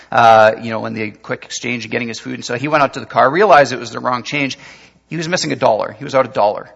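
Man, pastor, sermon, gravelly and husky voice, storytelling, long hall reverb, muffled lo-fi sound. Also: mid-range voice. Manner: storytelling, shifting from animated to hushed.

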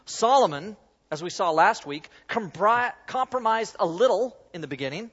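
Preacher guy, kinda high voice, chatty sermon, long hall echo, dull sound. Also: animated, normal speed, fairly bright tone. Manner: conversational, self-deprecating, demonstrates while talking. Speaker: pastor. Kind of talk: sermon with a live object lesson.

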